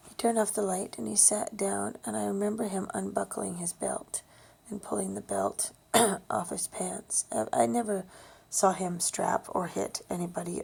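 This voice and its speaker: A woman with a breathy, gravelly voice recounts a personal memory, often sinking to a near whisper. Her tone is mellow and dark, and she speaks haltingly, with ums and restarts. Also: mid-range voice. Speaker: storyteller sharing a personal memory. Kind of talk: personal storytelling monologue.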